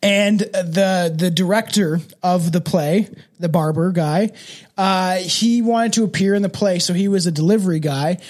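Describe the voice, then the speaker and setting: A man's voice: sits high, unhurried, darkish tone. A man in his thirties from Canada, hosting a podcast as casual chat, rambling through stories with lots of fillers and laughs. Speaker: podcast host.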